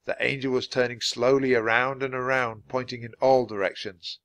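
A man reading a children's adventure book aloud, clear and steady for language learners. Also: medium pitch, normal speed, dry recording. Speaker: storybook reader.

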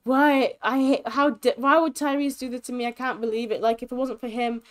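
A woman's voice: on the high side, steady tone, fairly quick, lightly acted. A woman voicing a pregnant teenage girl in labor who complains and snaps at her friend. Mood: angry. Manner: whiny, complaining, snappish.

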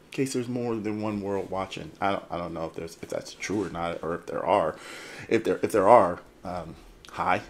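A man's voice: low-pitched, lively intonation, moderate pace, gravelly. A man hosting his channel in a casual, playful chat, rambling and joking before a game trailer reaction. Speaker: host.

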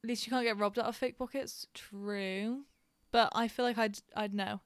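A woman's voice: on the high side, fairly even intonation, moderate pace, dry recording, clean studio sound. A young woman from England streaming a game, chatting casually and telling stories with frequent giggles and fillers. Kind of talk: casual chat while gaming.

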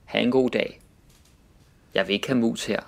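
A man's voice: medium pitch, fairly even intonation, gravelly. A man reading short example sentences aloud, saying each one twice. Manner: reads each phrase slowly twice, laughing softly between.

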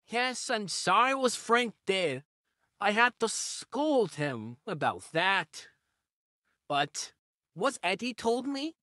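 Man doing a four-armed caterpillar vampire, soothing but menacing, shushes a lot; slow, drawn-out delivery, dry close sound. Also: high-pitched, dry recording, heavily acted. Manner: coaxing, hushing, shushing softly. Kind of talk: listener role-play audio.

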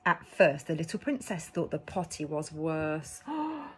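A woman, a nursery teacher reading a picture book aloud to toddlers in an animated, sing-song way full of gasps. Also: low-pitched, unhurried, slight background noise.

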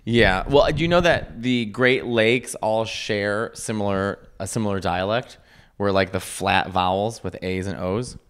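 A man's voice: lowish voice, fairly bright tone, clear, resonant tone. A man from Chicago with a Chicago accent, co-hosting a casual comedy podcast in a chatty, teasing way. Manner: teasing, chatty, quick to explain. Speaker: podcast co-host.

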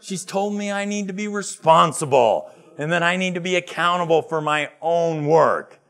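A man's voice: fairly high pitch, moderate pace, a bit bright, pitched above the performer's own voice. A man voicing his teenage son, who whines and insists that his dad bring his homework. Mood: pleading. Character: whiny teenage boy pleading with his dad.

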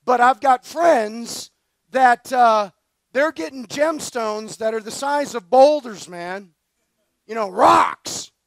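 A man with a high-pitched voice preaches at a conference, telling a story in a loose, slangy and energetic way. His voice is recorded dry and close, with no echo around it. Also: takes it slowly. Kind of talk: storytelling sermon.

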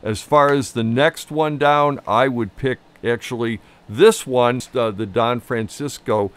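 A man with a Chicago accent co-hosting a casual coffee tasting chat, rambling and full of fillers, quick to laugh. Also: mid-range voice, smooth. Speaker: co-host.

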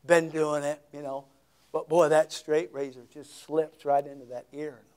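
A man's voice: a little high, flat delivery, measured pace, a little mellow, smooth. A male pastor preaching a sermon, telling Bible stories dramatically with folksy, conversational asides. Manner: dramatic storytelling, acting out scenes.

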